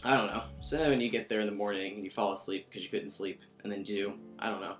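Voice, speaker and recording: A young man giving casual, profane, rambling commentary on a visual novel playthrough, tossing in quick character voices. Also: fairly low pitch, fairly bright tone, faint music behind. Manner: rambling, profane, self-mocking, mimics characters in quick asides. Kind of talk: casual let's-play commentary.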